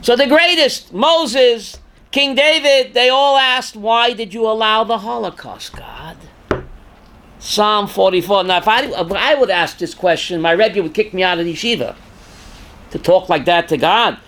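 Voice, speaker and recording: An older man, a rabbi teaching a class, reads scripture aloud with dramatic force, sometimes shouting, and questions his students. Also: high voice, moderate pace. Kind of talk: Torah class lecture.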